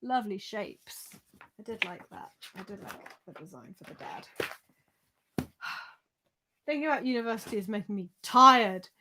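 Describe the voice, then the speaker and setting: A woman's voice: mid-range voice, moderate pace, long pauses, noisy background. A young woman, chatting casually and rambling on a live stream, swearing and laughing often.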